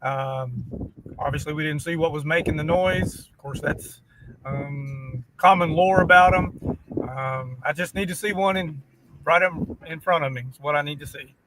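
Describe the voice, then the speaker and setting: A man from western Kentucky, a paranormal investigator, speaking in a measured, skeptical way with hesitant ums. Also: on the high side, noisy background. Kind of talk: remote interview answers.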